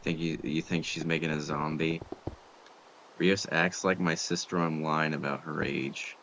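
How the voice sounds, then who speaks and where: A man's voice: extremely low pitch, little pitch movement, a bit bright, muffled recording, slight background noise. A man streaming a building game, chatting casually with viewers and reacting as he plays. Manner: chatty, talks to chat while building, quick exclamations. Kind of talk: casual gaming chat with viewers.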